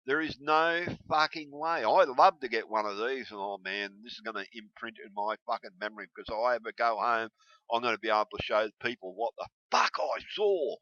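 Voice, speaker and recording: A man ranting heatedly to camera, swearing constantly and breaking into yelled bursts. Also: medium pitch, fairly quick, no room sound. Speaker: video blogger. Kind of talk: angry profane rant to camera. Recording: dull lo-fi recording.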